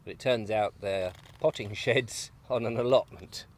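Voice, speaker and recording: A man's lowish voice moves at a measured pace as he chats casually outdoors on an allotment. He's a guest and video maker, rambling and joking over breakfast and sometimes speaking with his mouth full.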